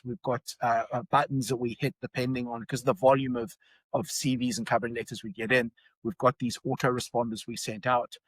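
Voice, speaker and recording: A man's voice: mid-range voice, no echo, poor audio. A middle-aged man from South Africa, a podcast guest, telling a personal story with many fillers and restarts. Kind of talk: storytelling in conversation.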